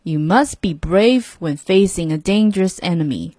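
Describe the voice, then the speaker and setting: A woman's voice: lowish voice, expressive, moderate pace, darkish tone, no echo, studio quality. A woman doing a wise old grandpa toad. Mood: calm.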